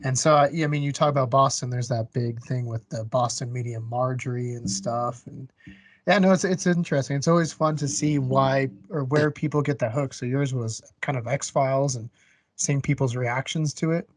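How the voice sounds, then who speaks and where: A man hosts a casual interview, talking in an easygoing way with loose, rambling phrasing. His voice sits at a middle pitch, and the recording is dry, with no room sound. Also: normal speed, dry recording. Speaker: interview host.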